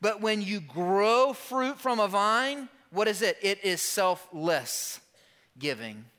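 High, bright-voiced man preaching in a hall. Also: takes it slowly. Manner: emphatic, animated preaching with quoted lines and asides. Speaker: pastor. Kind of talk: sermon. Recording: long hall reverb.

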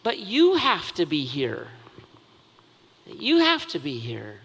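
A man's voice: on the high side, huge pitch swings, slow pace, a bit bright, husky, long reverb tail. A man preaching a sermon as the pastor, conversational and self-mocking, with lots of asides.

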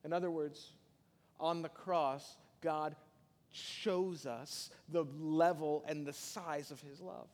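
A man preaching a sermon in a conversational way, with sudden loud rises and soft drops. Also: on the high side, steady tone, slow pace. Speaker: pastor. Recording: long hall reverb.

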